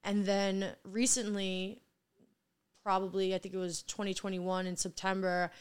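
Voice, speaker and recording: A woman's voice: medium pitch, level tone, unhurried, smooth. A woman in her twenties talking as a guest in a casual conversation, telling stories with lots of "like". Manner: chatty storyteller, fills with "like".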